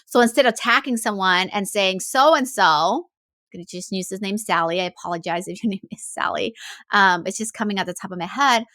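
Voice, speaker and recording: A woman's voice: medium pitch, brisk, pushed and bright, no echo, studio quality. A woman life coach speaking in a casual, reflective way, with frequent fillers and restarts as she thinks aloud. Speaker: life coach, podcast host.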